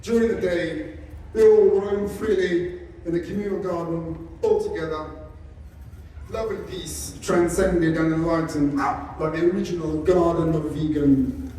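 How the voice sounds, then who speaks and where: A man's voice: fairly high pitch, steady tone, unhurried, warm tone. A man, an animal sanctuary founder, giving a humorous public talk with wry, self-deprecating storytelling. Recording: echoey hall, distant mic, faint noise.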